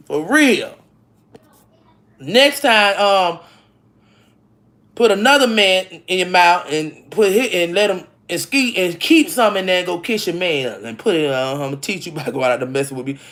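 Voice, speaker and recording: A woman's voice: lowish voice, animated, a little slow, pauses often, a bit bright. A woman telling stories in a casual vlog from home, laughing often and talking bluntly with many restarts. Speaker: vlogger. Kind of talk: casual storytelling chat. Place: home, indoors.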